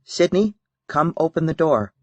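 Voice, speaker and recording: A young woman speaks low and silky, coaxing with quiet persuasion, voiced by a man narrating a novel. The delivery is soft and even. The recording is dry and close-miked. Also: unhurried, no echo, dull audio.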